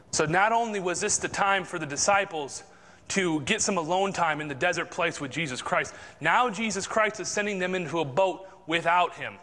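A man's voice: fairly high pitch, sharp tone, slight background noise. A man preaching a sermon in a conversational, informal way, reading from the Bible. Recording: long hall reverb.

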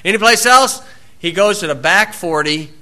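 A male preacher delivers a sermon in a bright, somewhat high voice. He tells homespun stories and acts out the people in them. He shouts the scripture quotes loudly. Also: animated, moderate pace.

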